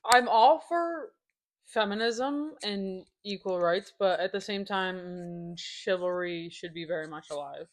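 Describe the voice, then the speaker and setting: A woman co-hosting a casual podcast chat, chiming in with dry, quick remarks. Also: mid-range voice. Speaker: podcast co-host.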